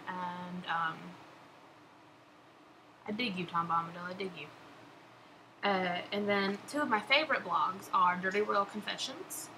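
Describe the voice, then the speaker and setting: Young woman, casual vlog chat, gushing and giggly, mid-pitch, noisy background. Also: sharp tone. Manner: chatty, laughing, gushing. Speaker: vlogger answering follower questions. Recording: background noise.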